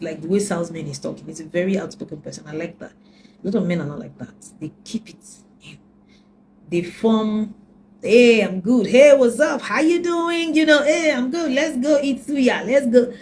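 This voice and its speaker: A woman coaching listeners in an earnest, emphatic way, repeating her key points and often sinking into a hushed, near-whispered delivery. Her voice is warm and mellow, with a faint hiss of noise behind it. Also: on the low side, low-quality recording. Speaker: relationship coach. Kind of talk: earnest advice talk.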